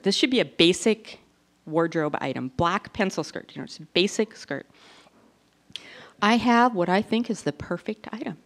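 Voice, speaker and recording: A woman in her forties performing a self-deprecating stand-up comedy routine, telling stories with animated delivery. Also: medium pitch. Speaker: stand-up comic.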